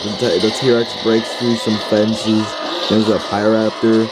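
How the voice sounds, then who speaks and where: A man's voice: lowish voice, flat delivery, unhurried, over loud music. A man giving offhand, rambling commentary while playing an app game, full of fillers and restarts.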